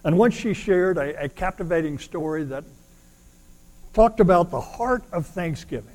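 A male pastor delivering a sermon in a fairly high voice. He drives his points home with loud, ringing declarations, then drops back to softer, more intimate asides. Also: animated, moderate pace, rough recording. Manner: emphatic, swings between loud declarations and quiet asides.

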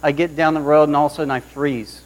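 A man preaching a sermon, opening with a lively personal story and acting out the voices of the people in it. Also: a little high, quick pace, low-quality recording. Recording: mains hum underneath.

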